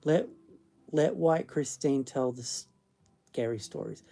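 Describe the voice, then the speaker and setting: A man's voice: mid-range voice, unhurried, creaky, warm tone. A man chatting casually on a livestream while lying in bed, drowsy and murmuring. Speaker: livestream host. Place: bedroom, in bed.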